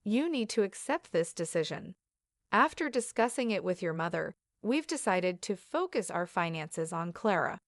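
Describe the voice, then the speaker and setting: A woman reading the lines of a cold, stern father who speaks flatly and firmly. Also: on the low side, normal speed, no echo, clean studio sound. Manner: flat, cold, firm.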